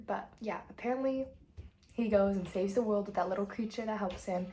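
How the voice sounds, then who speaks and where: A teenage girl on a casual vlog, gushing and excitable, full of "like", sometimes dropping to a whisper. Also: medium pitch, a little fast, a little hiss or hum. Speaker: book vlogger. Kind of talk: casual chat.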